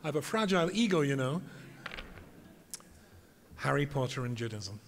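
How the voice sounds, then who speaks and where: A man's voice: medium pitch, sing-song, normal speed, creaky. A man, a rabbi giving a humorous storytelling lecture, wry and self-mocking. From England. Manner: wry, self-mocking, tells jokes and does voices. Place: convention hall. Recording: reverberant hall, faint background noise.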